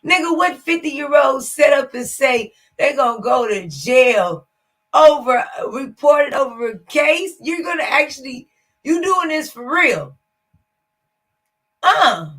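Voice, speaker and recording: A woman hosting a reaction video, talking loudly and profanely, laughing and incredulous at what she watches. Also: high voice, expressive, slow pace. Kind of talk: casual reaction commentary.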